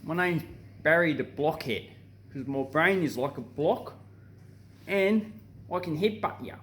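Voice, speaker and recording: A man's voice: a little high, a little slow, a bit bright, slight background noise, pitched above the performer's own voice. A man doing Barry the Blockhead, a dim thug. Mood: belligerent. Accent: Australian. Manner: belligerent, swearing. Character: aggressive dim-witted male thug, headbutter.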